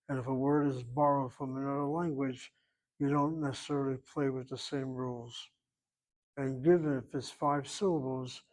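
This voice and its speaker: A man's voice: medium pitch, rough recording. An older man teaching a Hebrew class, explaining grammar patiently and repeating his points. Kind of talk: online class lecture.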